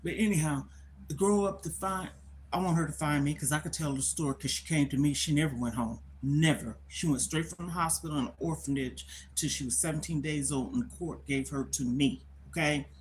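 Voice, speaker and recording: A woman's voice: low-pitched, fairly quick. Older woman host, casual emphatic storytelling on a phone, faint background hiss. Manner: emphatic, repetitive, conversational. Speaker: livestream host.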